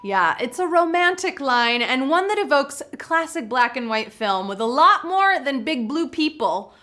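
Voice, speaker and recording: A woman hosting a live trivia game show, playful and excitable, giggling between chatty asides. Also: high-pitched, unhurried, soft background music. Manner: upbeat and excitable.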